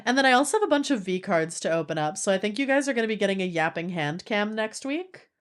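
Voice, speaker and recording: A woman's voice: mid-range voice, expressive, fast. A woman streamer chatting casually with her live audience, playful and laughing often.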